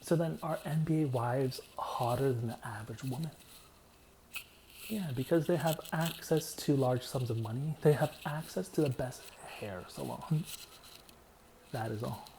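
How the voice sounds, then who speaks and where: A man telling long, meandering stories in a deadpan, repetitive way. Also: medium pitch, normal speed, noisy background. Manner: meandering, deadpan, repeats himself. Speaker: vlogger. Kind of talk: rambling storytelling monologue.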